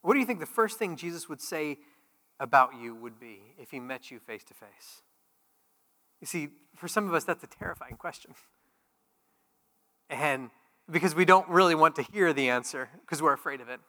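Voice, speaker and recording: A man preaching a sermon as pastor, speaking plainly and then rising to loud, emphatic peaks. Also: on the high side, lively intonation, moderate pace, long pauses, long reverb tail.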